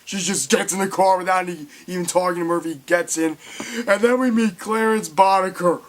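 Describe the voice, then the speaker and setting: Man, casual film review, fairly high voice, excitable, profane, rambling. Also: brisk, slight background noise.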